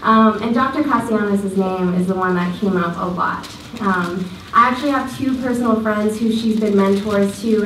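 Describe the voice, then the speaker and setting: A woman's voice: mid-range voice, a little hiss or hum. Chatty young woman introducing a speaker. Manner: chatty and halting, many fillers. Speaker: student event organizer introducing the speaker. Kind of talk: casual introduction speech. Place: lecture hall. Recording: roomy hall sound from a distance.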